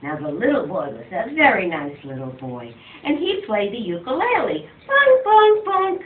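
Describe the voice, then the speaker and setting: A woman's voice: fairly low pitch, wildly swooping pitch, moderate pace. A woman telling a story to a child, with dramatic swings of voice for effect. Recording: far from mic, phone-like, echoey, faint noise.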